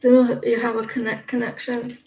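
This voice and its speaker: A woman's voice: fairly high pitch, level tone, fairly quick, creaky, highs cut off. A woman giving casual tarot readings on a live stream, chatty and rambling, often laughing. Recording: echoey room, faint noise.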